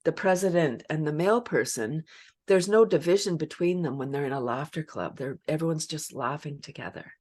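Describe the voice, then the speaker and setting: Low-voiced, lively woman chatting. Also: normal speed. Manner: animated, laughs often, acts out laughter sounds. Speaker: laughter yoga leader and guest. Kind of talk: casual interview chat.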